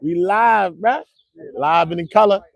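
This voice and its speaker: Guy hosting a live stream, loud slangy storyteller, slightly raised pitch, dry close sound. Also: a little slow, creaky, no echo. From Brooklyn, New York. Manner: boisterous, slangy storytelling with frequent laughs. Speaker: livestream host. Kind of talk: casual live-stream chat. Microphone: clip-on mic.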